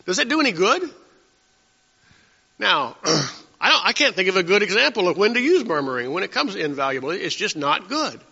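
A man's voice: high voice, very animated, fairly quick, sharp tone, husky. A man preaching a conversational sermon, teaching from scripture and asking his listeners rhetorical questions. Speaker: pastor. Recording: dull sound with long hall reverb.

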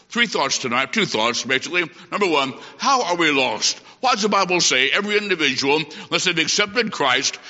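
On a dull, lo-fi old recording, a middle-aged man's bright, fairly high voice echoes with long reverb through a large hall. He delivers an evangelistic revival sermon in a homespun, folksy way, full of everyday illustrations and addressing the listener as "my friend."

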